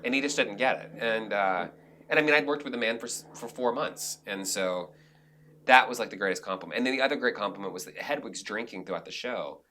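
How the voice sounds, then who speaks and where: A man being interviewed on a podcast, a director and actor telling animated stories in a casual, rambling way with many restarts. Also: lowish voice, fairly quick, a little hiss or hum.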